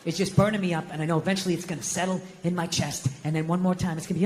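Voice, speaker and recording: A man's voice: a little high, rapid-fire, slight background noise. A man performing stand-up comedy on a large theater stage, telling stories and acting out his own inner voice. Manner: animated storytelling, acts out his own inner voice. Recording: live theater reverb, faint audience.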